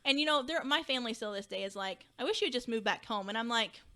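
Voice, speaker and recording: A young woman from Kentucky tells a personal story as a podcast guest, with a fairly high, bright and forceful voice. She acts out past conversations with lively energy. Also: fast talker. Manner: animated, acts out past dialogue. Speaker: podcast guest, second grade teacher.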